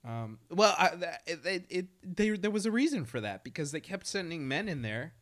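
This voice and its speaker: A man co-hosting a casual radio talk show, talking in a halting way with many restarts. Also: fairly high pitch, very animated, a bit bright. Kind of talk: casual chat.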